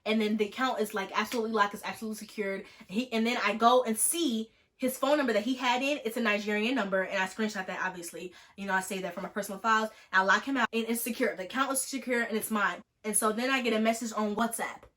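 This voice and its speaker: A woman in her twenties telling a story in a casual vlog, jokey and animated, acting out a text exchange. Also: mid-range voice, fast, few pauses. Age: 20s. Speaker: vlogger.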